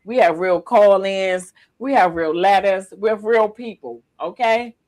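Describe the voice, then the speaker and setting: A woman hosts a casual livestream podcast, speaking a little slowly at a medium pitch. She is lively and emotional, teary-eyed as she talks.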